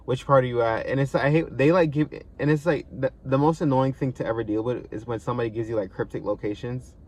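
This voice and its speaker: A young man with tells a story to camera in an animated, profane vlog style. His voice sits in a middle register, bursting loud and high at the big moments, then sinking into quiet mumbles. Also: fast talker. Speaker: vlogger.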